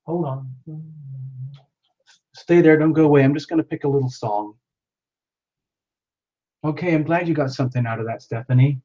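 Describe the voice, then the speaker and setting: A man's voice: a little high, moderate pace, long pauses, warm tone. A man hosting a live tarot reading stream, talking in an earnest, rambling way full of filler words. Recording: slightly dull lo-fi audio.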